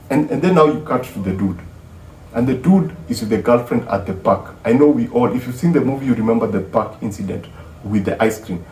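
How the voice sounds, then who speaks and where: A man with a mellow, darker voice casually retells a film's plot and acts out the characters' lines with animation. He sounds distant from the mic in a roomy space, with faint ambience underneath. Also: medium pitch, slight background noise. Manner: animated storyteller who acts out the dialogue. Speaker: film reviewer.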